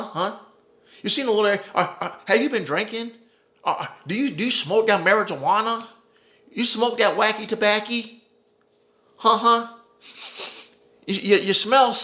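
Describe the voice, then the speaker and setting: Mocking male cop, put on by a man: pitched up, prying and badgering, stammers through his questions. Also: pushed and bright. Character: nosy, mocking male police officer.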